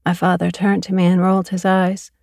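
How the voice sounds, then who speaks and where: A woman narrating a first-person audiobook in a measured, even way. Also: fairly low pitch, vocal fry, no room sound, clean studio sound.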